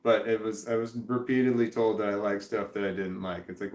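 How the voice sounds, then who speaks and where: A man casually reading viewer comments aloud on a stream at home, halting, repeating words and stumbling over names as he goes. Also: lowish voice, fairly even intonation, darkish tone, roomy sound. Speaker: vlogger reading chat comments. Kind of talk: casual livestream chat. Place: indoors at home with his dog. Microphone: webcam.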